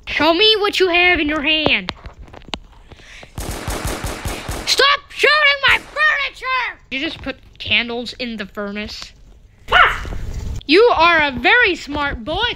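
A woman giving playful gameplay commentary, excitable, with sudden squealing exclamations. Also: high-pitched, noisy background.

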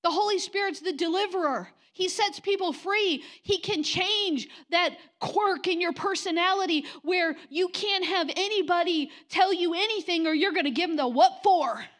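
High-voiced woman pastor preaching bluntly. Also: moderate pace, hardly any pauses, fairly bright tone. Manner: direct, confrontational preaching with mocking quoted voices. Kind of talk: sermon. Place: church sanctuary.

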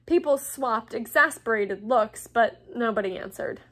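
Woman teacher, reading a novel aloud, expressive, fairly high voice. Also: normal speed. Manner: lively, expressive read-aloud delivery.

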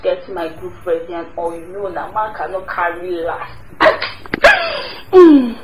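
A woman's voice: on the low side, lively intonation, a little slow, very noisy. An actress playing a defiant, mocking wife, who answers her husband's accusations sarcastically and laughs often. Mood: flirty.

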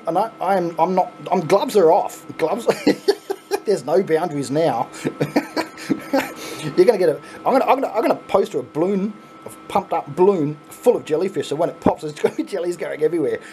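An excitable middle-aged Australian man talks through an unboxing for his vlog in a casual, chuckly way and swears freely. His pitch swoops up and down all the time. A faint hum of room ambience sits under his voice. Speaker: coin pusher channel host.

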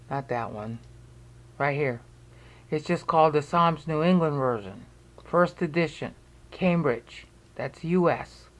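A presenter narrating a screen-recorded walkthrough, thinking aloud while searching on screen and making pointed, emphatic remarks. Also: mid-range voice. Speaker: video presenter explaining research.

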